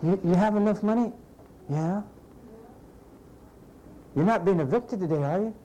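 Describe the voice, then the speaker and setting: A man preaching a sermon in a conversational, animated way, acting out the voices of the people he quotes. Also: high-pitched, unhurried, lo-fi sound, a little hiss or hum. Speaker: pastor.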